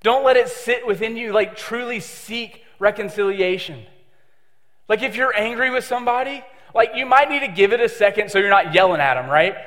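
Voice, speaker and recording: A man's voice: sits high, moderate pace, fairly bright tone. A young man preaching a casual sermon, joking and chatty with many fillers. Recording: long reverb of a hall.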